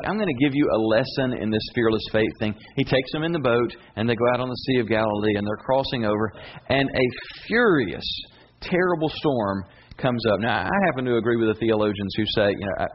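A man preaching a sermon, telling a story with animated swings between high emphatic bursts and low intense asides. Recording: dull lo-fi sound with faint hiss.

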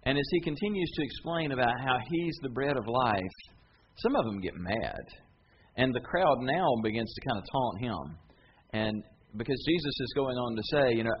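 A man's voice: medium pitch, lively intonation, moderate pace, lo-fi sound, a little hiss or hum. A man preaching a sermon, retelling a story in a folksy, conversational way. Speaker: pastor.

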